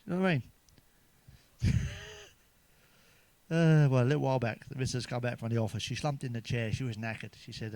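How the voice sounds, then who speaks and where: A man's voice: medium pitch, brisk, long pauses, warm tone, no room sound. A man telling crude stand-up jokes in a chatty, swearing manner, ending with tag questions. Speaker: stand-up comedian.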